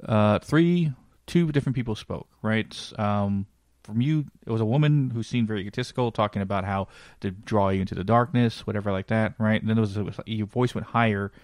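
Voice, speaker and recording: Man, podcast host, lowish voice, casual and blunt, swears, asks questions, dry close sound. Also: a little fast, a little mellow, no echo.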